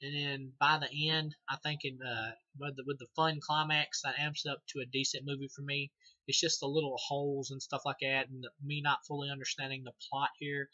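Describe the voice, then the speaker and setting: A man's voice: mid-range voice, level tone, a little fast, sharp tone, no room sound, muffled recording. A man giving a casual, rambling movie review, loose and profane, laughing and restarting as he goes.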